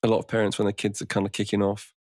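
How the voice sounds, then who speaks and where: A man's voice: lowish voice, completely flat delivery, rapid-fire, darkish tone, dry recording, clean studio sound. A man who teaches meditation, a podcast guest talking in an easygoing, rambling way. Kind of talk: casual conversation.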